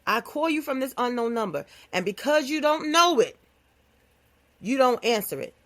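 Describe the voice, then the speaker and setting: Animated woman podcast host. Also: high-pitched, normal speed. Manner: animated, playful, conversational with vernacular phrasing. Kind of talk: casual comedic monologue.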